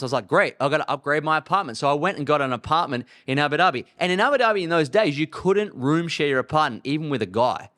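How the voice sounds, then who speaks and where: A man's voice: a little high, a bit bright. A man in his thirties delivering blunt, emphatic money advice as a show host.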